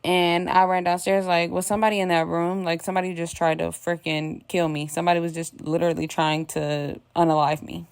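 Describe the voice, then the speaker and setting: A woman's voice: lowish voice, little pitch movement, a little fast, hardly any pauses, smooth. A woman casually telling a storytime, rambling with many fillers and restarts.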